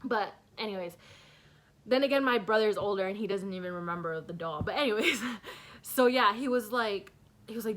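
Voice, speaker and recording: A woman's voice: medium pitch, animated, normal speed, a bit bright. A young woman telling a personal story in a casual vlog, rambling with many fillers and nervous laughs. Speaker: vlogger.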